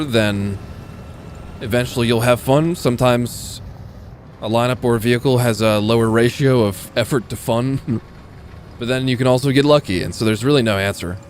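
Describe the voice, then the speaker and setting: A man's voice: medium pitch, moderate pace, slight background noise. A young man with an American accent, casually commenting while playing a tank game, joking and swearing. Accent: General American. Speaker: gaming streamer. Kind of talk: live gameplay commentary.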